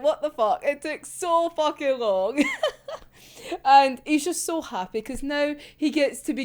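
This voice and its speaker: A woman reacting to a manga chapter in a casual chat. Her voice is rough because she is unwell, and she swears a lot and laughs often. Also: high-pitched, darkish tone. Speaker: manga reviewer.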